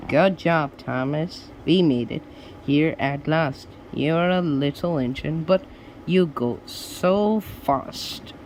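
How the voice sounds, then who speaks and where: A man reading a storybook aloud and voicing a bossy, hurried woman judge who keeps urging the train on. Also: a little high, a little mellow, slight background noise. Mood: pleased. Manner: urgent, insistent calling out.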